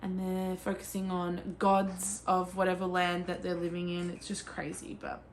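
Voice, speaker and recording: An Australian woman talking in a casual chat about books she loves, gushing and excitable, and she swears freely. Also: fairly low pitch, moderate pace, slight background noise. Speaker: book vlogger. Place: at home with her cat.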